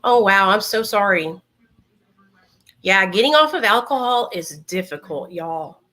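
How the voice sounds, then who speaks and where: A woman's voice: medium pitch, animated, a little slow, a bit bright. A woman chatting casually with her livestream viewers from home while doing her makeup, calling them honey and baby. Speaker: livestream host.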